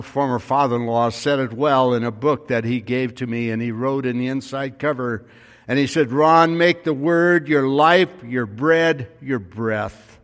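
A man preaches in an even middle register, telling a story and pushing his voice up for the big points. His words ring out with a long reverb, as in a church sanctuary. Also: mid-range voice. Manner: storytelling preacher, voice rising with emphasis. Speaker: pastor. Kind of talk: sermon.

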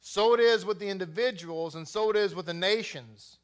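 A man's voice: sits high, moderate pace. A man from Texas preaching a sermon, conversational, with asides and restarts.

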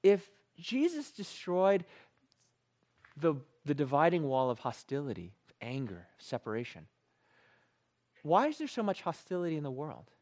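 A man preaching a sermon as a pastor, telling stories with animated, playful self-mockery. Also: fairly high pitch, moderate pace.

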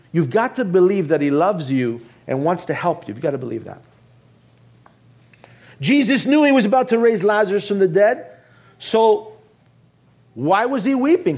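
Earnest high-voiced preacher man. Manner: earnest preaching, dropping low and quiet for emphasis; addresses the congregation directly with questions. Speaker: pastor. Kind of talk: sermon.

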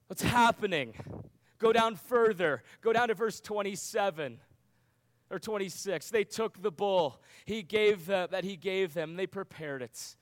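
A man's voice: sits high, a little slow. A man preaching a sermon to young people, earnest, with rhetorical questions and emphatic repetition. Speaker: youth pastor.

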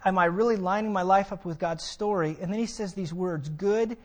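A man's voice: high voice, brisk. A man preaching a sermon, emphatic and full of vivid storytelling. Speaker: pastor.

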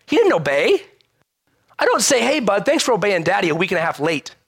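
A pastor with a high-pitched male voice, preaching a lively, conversational sermon that keeps turning to the listeners with quick rhetorical questions. The sound is dry and close, with no room echo. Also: vocal fry, breathy edge. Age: adult parent.

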